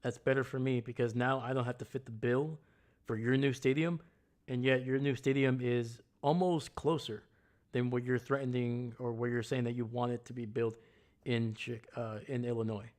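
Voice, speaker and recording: A man's voice: mid-range voice, steady tone, normal speed. A man hosting a casual live stream, ranting bluntly and heatedly about sports. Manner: greets chat viewers loudly. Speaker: livestream host.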